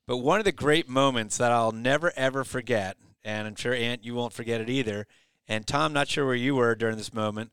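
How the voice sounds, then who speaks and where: Gravelly, bright-voiced podcast host. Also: male voice, medium pitch, fairly quick, no room sound. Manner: rambling storyteller, keeps asking "right?". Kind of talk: casual sports chat.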